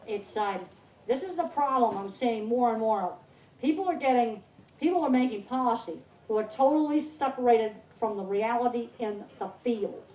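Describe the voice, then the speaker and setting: A woman's voice: on the high side, animated, moderate pace, warm tone. A woman in her sixties giving a blunt, emphatic public talk at an outdoor country fair, repeating words for stress. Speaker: speaker. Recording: roomy, distant mic, faint noise.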